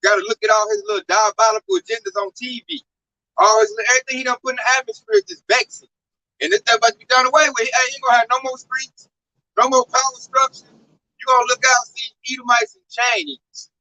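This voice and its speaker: A man's voice: very high-pitched, fast, sharp tone. A man talking in a casual religious discussion, slangy and emphatic, acting out quotes in his own words. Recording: muffled lo-fi recording.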